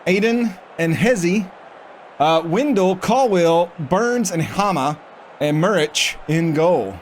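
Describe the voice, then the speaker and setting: Slow and expressive, the man's voice sits high, and a little background noise is audible. He's streaming a football management game, chatting casually while reading out its prompts and reacting.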